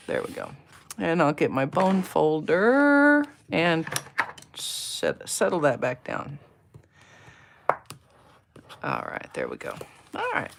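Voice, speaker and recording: A woman's voice: lowish voice, creaky, a little hiss or hum. Chatty woman demonstrating a craft live. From United States. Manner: chatty, greets viewers by name; talks to herself while working. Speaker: papercraft demonstrator. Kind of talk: live-stream craft tutorial.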